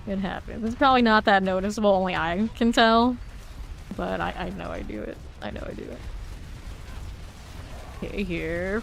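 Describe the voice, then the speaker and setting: Her voice is gravelly and medium-pitched, with a faint hiss or hum in the audio. She's a woman with a light Southern US accent playing a game on stream, laughing a lot, poking fun at herself, and chatting casually with viewers.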